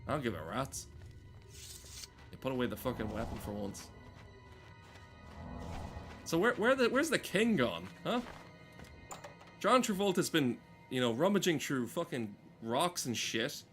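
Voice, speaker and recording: A man's voice: medium pitch, sing-song, measured pace, pauses often, a bit bright, soft background music. A man giving casual, joking commentary while playing a game, rambling and swearing often. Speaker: gaming streamer. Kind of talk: casual let's play commentary.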